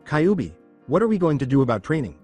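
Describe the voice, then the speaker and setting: A man voices a brash young boy ninja in a fan storybook telling. The lines are read plainly, with the pitch moving freely up and down. Faint music plays underneath. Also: big pitch swings, fast talker, darkish tone. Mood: eager.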